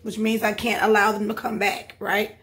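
In a casual vlog, a woman in her thirties chats to camera about her fitness journey, worn out from a workout and calling her viewers "y'all" and "you guys." Her medium-pitched voice is fairly bright with little pitch movement, she speaks at a normal speed, and the room echoes.

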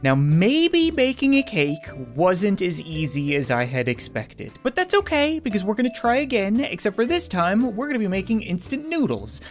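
A woman giving comedic let's-play commentary, swinging between panicked squeals and dry sarcastic calm. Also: medium pitch, moderate pace, hardly any pauses, soft background music. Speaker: gaming video host.

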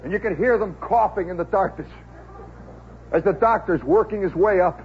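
Forties american guy, radio storyteller, wry and chatty, higher voice, faint hiss on an old tape. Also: moderate pace, dull audio. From United States. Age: 40s. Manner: wry, conversational, chuckling asides. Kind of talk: rambling comic storytelling monologue.

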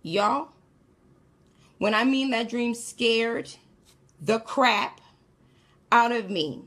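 This storyteller has a high, fairly bright, expressive voice and talks extremely slowly. Addressing her audience as y'all in a chatty way, she shares the story of a scary dream she had, like informal testimony.

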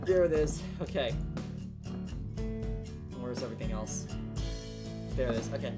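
A woman's voice: very deep voice, expressive, unhurried, over music. A woman streaming and casually commenting on horror game clips, swearing a lot and laughing freely. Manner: swears a lot, laughs often, blunt reactions.

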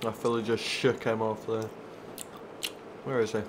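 A man's voice: lowish voice, flat delivery, moderate pace, slight background noise. A man giving casual, sweary gameplay commentary, taunting and mocking other players. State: stoned. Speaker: gaming YouTuber.

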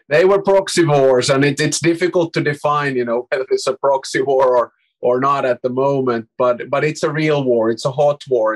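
Measured man with a Finnish accent. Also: mid-range voice, poor audio. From Finland. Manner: measured, explanatory, with frequent restarts. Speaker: guest, former prime minister. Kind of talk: interview answers.

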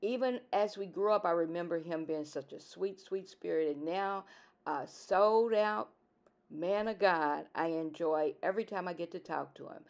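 Over echoey, muffled video call audio, an older woman hosts a faith talk show in a lowish, gravelly voice at a moderate pace. She speaks effusively and keeps breaking into exclamations of praise.

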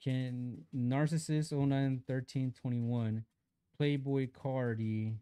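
A man's voice: mid-range voice, flat delivery, takes it slowly, mellow, clean tone, dry recording. Laid-back young man streaming games, dry sound. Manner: laid-back slang, reads chat aloud and greets viewers. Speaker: mobile game live streamer. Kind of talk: casual live-stream chat while gaming.

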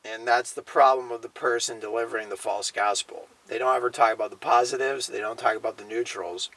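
A man gives a Bible teaching, talking loosely and often tagging points with a soft "okay?" that trails off. His voice sits at an ordinary middle pitch. The recording sounds dry and close, with no room echo. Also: fairly even intonation, brisk. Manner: frequent "okay?" and "you know" tags, trailing off quietly. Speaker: preacher.

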